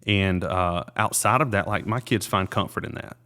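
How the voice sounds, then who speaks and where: A man in his thirties, a realtor being interviewed, telling a personal story in an earnest, halting way with many fillers and restarts. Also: sits low, bright, forceful tone. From South Carolina.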